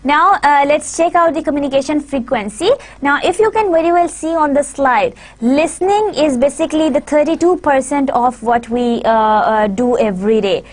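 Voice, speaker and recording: A woman giving a recorded university lecture, halting and full of fillers and restarts. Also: sits high.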